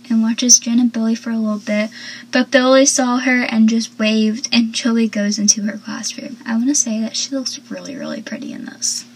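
A woman's voice: a little high, slightly rough, low-quality recording. A young woman casually recapping a TV episode, rambling, talkative and full of asides.

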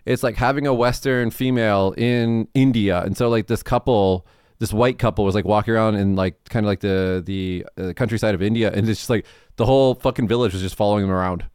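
A man's voice: on the low side, fairly quick, darkish tone, clean tone, dry recording, studio quality. A man co-hosting a podcast in casual chat, blunt and rambling, swearing freely. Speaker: podcast co-host.

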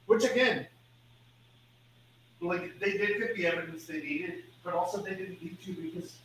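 Speaking in a high, slightly bright voice at a moderate pace, a podcast co-host casually retells a film's plot, laughing often and cursing freely as he rambles. The recording sounds roomy, with a distant mic and faint noise.

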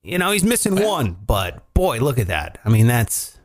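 A man's voice: medium pitch, moderate pace. A man hosting a casual comedy talk show, telling stories with lots of energy and swearing freely. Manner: animated storyteller, swears freely. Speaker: morning show host.

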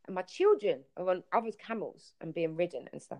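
A woman's voice: fairly low pitch, a little fast, few pauses. A woman, telling travel stories in a casual podcast chat over a call, acting out what people said. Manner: animated storyteller, acts out quotes.

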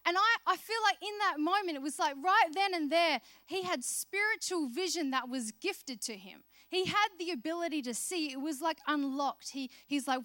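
Preaching a sermon, a woman tells Bible stories conversationally and acts out the characters' lines. Her high voice moves at a moderate pace with hardly any pauses and a sharp tone. The sound is studio quality with no echo.

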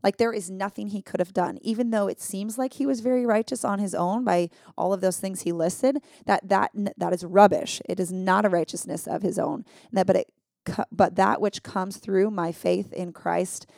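A woman's voice: mid-range voice, steady tone, normal speed, gravelly, darkish tone, no room sound, clean studio sound. A woman co-hosting a casual Bible study chat, earnest and emphatic, thinking aloud as she explains. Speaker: podcast co-host.

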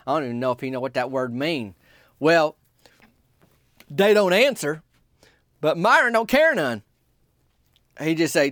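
Man, comic folksy storytelling, rambling deadpan drawl, fairly high voice, dry close sound. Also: moderate pace, pauses often, dry recording.

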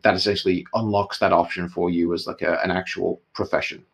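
Low gravelly game master. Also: male voice, level tone, fairly quick. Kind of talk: running a tabletop game, explaining rules.

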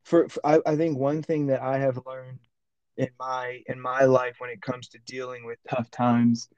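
At medium pitch and normal speed, a teacher with a clean-toned voice chats casually on a podcast, in a dry, lo-fi recording. He tells stories animatedly, acting out exchanges from the classroom.

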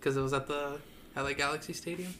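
Young dude with a higher voice telling a funny family story, slangy, faint noise. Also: male voice, fairly even intonation, fast talker, fairly bright tone. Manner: laughing, slangy, mimics family members. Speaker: podcast co-host. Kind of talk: casual storytelling chat.

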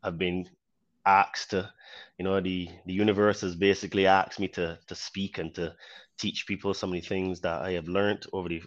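Deep-voiced Barbadian-British man. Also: level tone, muffled recording. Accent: Barbadian with British influence. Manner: earnest, measured, many you-knows. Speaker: podcast guest, fitness trainer. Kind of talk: casual interview talk.

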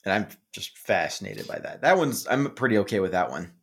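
A man with a slightly low voice chats casually as a co-host. He rambles through a story with many fillers and quick bursts, and sometimes slips into other people's voices. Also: sing-song, slightly rough. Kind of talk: casual chat.

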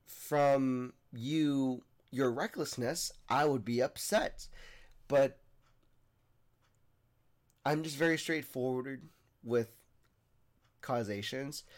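The host, a young man with a medium-pitched and slightly mellow voice, delivers a casual podcast monologue. He speaks earnestly but wanders, frequently restarting his sentences.

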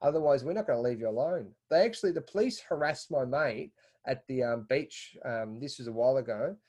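A man's voice: mid-range voice, expressive, brisk, darkish tone, slightly rough. A man with an Australian accent, talking animatedly in a casual podcast conversation, often repeating words as he builds his point. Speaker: podcast guest.

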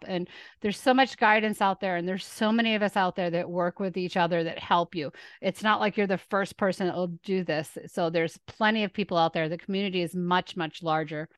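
A woman from the Northeast, a teacher chatting as an interview guest, lively and quick with frequent laughs. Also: mid-range voice, dry recording. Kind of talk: casual interview chat.

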